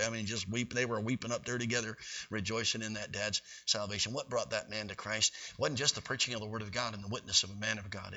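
Fast, bright-voiced folksy preacher. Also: male voice, lowish voice. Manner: folksy, animated storytelling. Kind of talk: sermon storytelling. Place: church. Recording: dull, distant recording.

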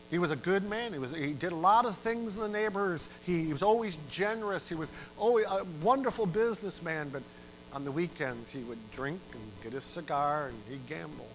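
Bright-voiced preacher telling a dramatic story. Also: male voice, slight background noise, rough recording. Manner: dramatic, swells loud for emphasis and drops low. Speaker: pastor. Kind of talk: sermon with a told story.

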